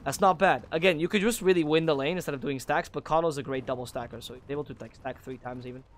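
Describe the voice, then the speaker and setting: Male solo esports caster, rapid and slightly high-pitched, opinionated with frequent self-corrections. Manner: opinionated, drifts into critical rants. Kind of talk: solo play-by-play commentary.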